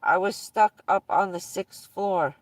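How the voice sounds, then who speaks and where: A woman's voice: medium pitch, a little slow, dry recording, recorded from a distance. A woman vlogger casually telling rambling personal stories to her viewers, often breaking into laughter mid-sentence.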